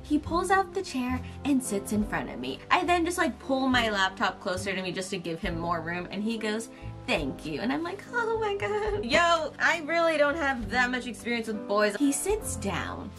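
A young woman YouTuber telling an animated, self-mocking, expletive-laden storytime vlog. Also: a little high, moderate pace, hardly any pauses, over music. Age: young adult.

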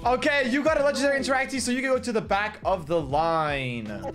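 A man hosting a gaming video, announcing winners in a hyped, shouty way and teasing the players. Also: very high voice, quick pace, loud music behind the voice. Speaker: host. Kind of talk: excited gaming video commentary.

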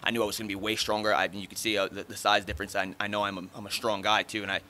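A man's voice: fairly low pitch, little pitch movement, sharp tone, a little hiss or hum. A man in his thirties answering reporters after a fight, blunt, talkative and swearing freely. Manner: blunt, profane, fast and talkative. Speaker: fighter at post-fight press conference. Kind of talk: casual post-fight interview answers.

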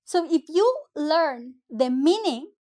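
High-voiced, slow-talking teacher woman. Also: lively intonation, dark tone. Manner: patient, explains step by step, mixes English and Spanish. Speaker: Spanish teacher. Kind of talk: language lesson.

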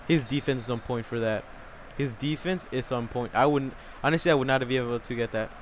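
A young man commentating his own soccer video game live, excitable and swearing, whooping and yelling at big plays. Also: mid-range voice, normal speed, slight background noise. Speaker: gamer.

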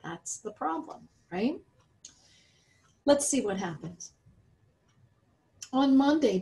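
A woman's voice: medium pitch, a little mellow, poor audio. An American woman in her role as a religious education teacher, reading a story to children. She tells it expressively and keeps stopping to ask her listeners how they would feel.

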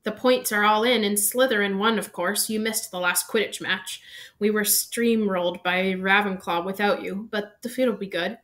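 A woman's voice: medium pitch, fairly even intonation, moderate pace, fairly bright tone, natural voice. A woman voicing a loyal, cheeky young boy who talks casually and eagerly.

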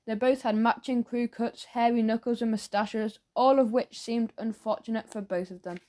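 A woman narrating a children's audiobook in a playful, expressive storytelling manner. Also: fairly high pitch, normal speed.

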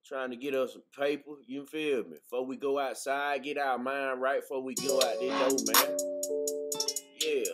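A man's voice: mid-range voice, fairly even intonation, normal speed, fairly bright tone, faint music behind. A man hosting a casual livestream chat, laid-back and laughing easily, ending his lines with "man". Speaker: host.

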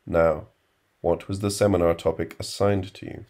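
A man's voice: sits low, level tone, moderate pace, darkish tone, lightly acted. A man voicing a stern middle-aged male professor who speaks in a cold, level, weary way.

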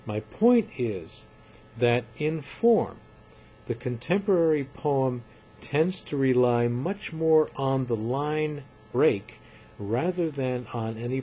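Male literature lecturer, slow and deliberate, emphatic and repetitive delivery over a soft rumble. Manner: measured, emphatic, repeats points for students. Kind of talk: recorded lecture.

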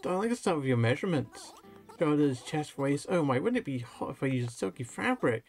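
A man's voice: on the high side, very animated, a little fast. A man reading aloud as a sassy female giraffe fashion designer with a diva streak, over faint game music.

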